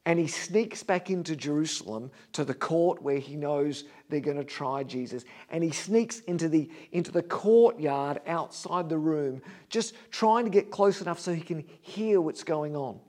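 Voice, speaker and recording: A man preaching a sermon as a vivid story, his voice swinging between loud and hushed. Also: on the high side, normal speed, hardly any pauses.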